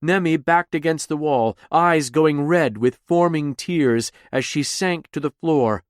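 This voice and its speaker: A man narrating a science-fiction audiobook in a measured, deliberate voice. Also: on the high side, no room sound, studio quality. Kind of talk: scripted narration.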